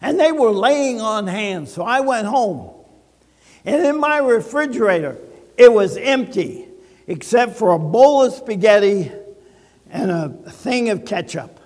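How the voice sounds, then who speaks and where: An older man preaches slowly, drawing out his words with dramatic pauses and a wry, joking storytelling manner. His voice sits high for a man. The sound carries a long reverb from a church sanctuary. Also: big pitch swings. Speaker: pastor. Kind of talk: sermon.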